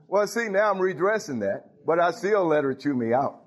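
A man's voice: high-pitched, lively intonation, a little slow, husky. A man preaching a sermon in a conversational, teasing way, laughing and making asides to the congregation. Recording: dull lo-fi recording.

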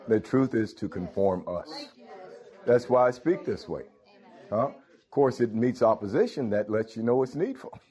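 A man preaching a sermon in an emphatic manner, rising often into high, ringing exclamations of praise. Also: a little mellow, breathy edge. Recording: dull lo-fi sound.

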